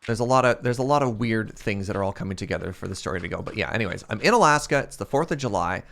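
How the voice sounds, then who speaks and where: A man's voice: on the low side, lively intonation, rapid-fire, gravelly, fairly bright tone. A man in his thirties streaming a game, telling a story in casual chat and laughing often. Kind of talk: casual storytelling while gaming.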